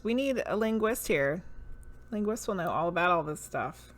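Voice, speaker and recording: Her voice is mid-range with lively intonation, and she speaks a little slowly. A Southern US streamer, she chats casually on her livestream, musing over cards, reading card names out loud and talking to her viewers.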